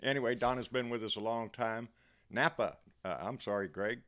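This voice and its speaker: A man's voice: mid-range voice, moderate pace, a bit bright. A man with a Texan accent hosting a live stream, chatting in a folksy way and greeting viewers as buddy. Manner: folksy and chatty, calls people buddy and baby. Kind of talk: casual chat.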